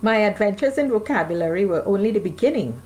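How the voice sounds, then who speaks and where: This North American woman, reading her memoir during a live stream from home, speaks quickly with lively intonation in a mid-range, slightly mellow voice. She stops occasionally to chat with her audience. The audio is low quality, with slight background noise.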